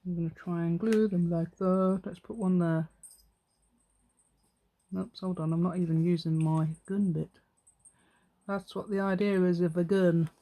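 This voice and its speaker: English lady rambling through a craft video, mellow voice, pokes fun at herself. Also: on the low side. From England. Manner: chatty, self-mocking, rambling asides, laughs often. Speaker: craft channel host. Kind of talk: casual craft tutorial chat.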